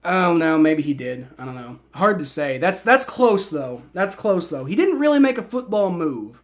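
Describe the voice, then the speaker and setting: A man hosting a live play-by-play reaction stream, excitable and swearing loudly at bad plays while chatting with his viewers. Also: fairly high pitch, unhurried. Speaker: livestream host.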